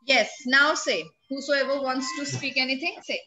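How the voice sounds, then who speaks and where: A woman's voice: sits high, moderate pace, muffled recording, music in the background. A middle-aged woman with an Indian English accent, teaching a class and patiently questioning and coaxing her pupils to answer. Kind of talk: classroom lesson.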